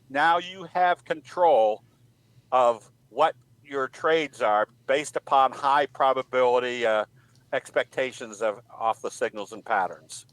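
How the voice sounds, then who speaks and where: Laid-back guy teaching trading on a webinar, kinda higher voice, lots of uhs. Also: poor audio. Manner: relaxed storyteller with frequent ums. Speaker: trading educator, guest presenter. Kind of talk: webinar presentation with a joke.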